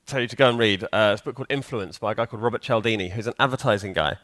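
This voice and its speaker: A man's voice: lowish voice, racing, a bit bright. A man giving a live conference talk in a hall, chatty and joking, quizzing the audience. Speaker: conference speaker.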